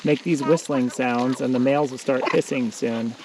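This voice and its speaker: Gravelly-voiced man walking a farm, easygoing, pointing out crops, with insects buzzing loudly behind him outdoors. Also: medium pitch, normal speed. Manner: relaxed, points out plants as he walks. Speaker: farm owner giving a tour. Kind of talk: casual walking tour. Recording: outdoor noise with insects and crickets.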